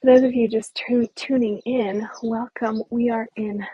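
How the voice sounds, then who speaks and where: A woman leading a live walking tour outdoors, talking in a relaxed, often hushed way as she walks with her phone. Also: a little high, measured pace, slightly rough, dry recording, highs cut off. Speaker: tour guide. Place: outdoors in a hillside village.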